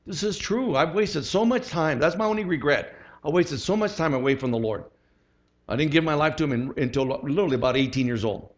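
A man's voice: a little high, brisk. Earnest middle-aged preacher man. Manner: conversational and earnest, with many fillers. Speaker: pastor. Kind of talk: sermon.

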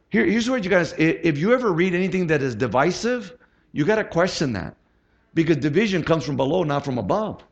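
A man's voice: fairly high pitch, creaky. A middle-aged man preaching a conversational sermon as pastor, chatty and asking the congregation for amens. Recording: dull lo-fi sound.

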